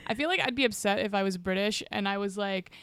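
A woman's voice: medium pitch, quick pace, fairly bright tone, clear, resonant tone, dry recording. A woman co-hosting a casual film chat, enthusiastic and thinking aloud. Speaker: podcast co-host.

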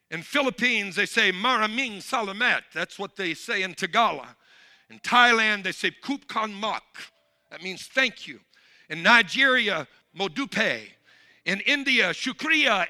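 A male pastor preaching a sermon, swinging from low, intimate talk to shouted calls and calling out to the congregation for responses.

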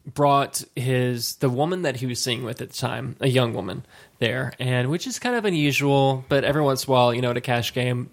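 A man in his late thirties telling a casual story as podcast co-host, rambling and halting with many restarts. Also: medium pitch, gravelly. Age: late 30s.

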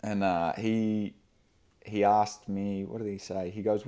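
A man's voice: lowish voice, flat delivery, measured pace, warm tone, clear, resonant tone. A man, a guest on the show, telling a casual story with fillers and frequent laughs. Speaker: podcast guest.

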